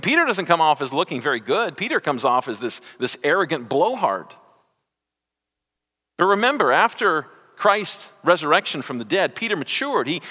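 Animated preacher in an echoing hall. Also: male voice, sits high. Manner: preaching with dramatic swings from loud to hushed, stretched words. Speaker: pastor. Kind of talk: sermon. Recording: reverberant hall.

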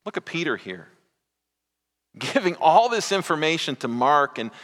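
A pastor preaching to his congregation, a bright, forceful man's voice that leaps high and drops low. He swings between loud, drawn-out phrases and hushed asides. The sound carries a long reverb from the hall. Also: sing-song. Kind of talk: sermon.

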